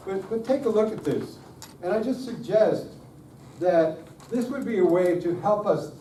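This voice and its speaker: A man's voice: high-pitched, warm tone. A middle-aged man giving a conference talk on worship, joking with the audience and poking fun at himself. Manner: self-deprecating, joking with the audience. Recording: roomy, distant room mic, faint hiss.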